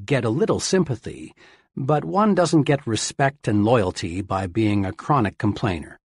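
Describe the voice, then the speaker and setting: A man giving a steady, earnest reading of scripted self-help narration, in the manner of an audiobook narrator. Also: medium pitch, breathy edge, no echo, studio quality.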